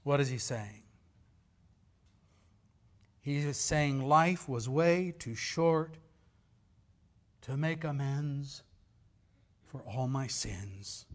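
A male pastor preaching a sermon, swinging from loud emphasis to near whispers. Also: medium pitch, extremely slow, pauses often.

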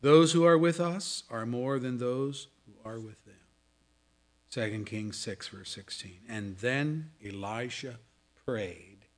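A man preaching a sermon, swinging between loud dramatic scripture reading and hushed asides. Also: medium pitch, takes it slowly. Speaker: pastor. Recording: audio of a sermon.

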